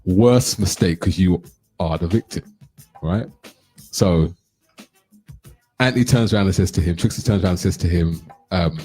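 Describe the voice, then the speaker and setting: A middle-aged man tells a story on a radio show, acting out the voices of the people in it. His voice is low and husky. Faint music plays behind him. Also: normal speed, pauses often. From London. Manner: animated anecdote telling, acts out quotes. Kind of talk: casual storytelling chat.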